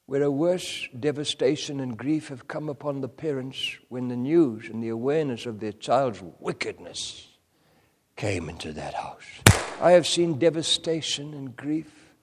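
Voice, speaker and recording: A male preacher delivering a heartfelt sermon in a church hall. His mid-pitched voice rises to loud, fervent cries and then drops to hushed whispers. A long reverb trails behind every phrase.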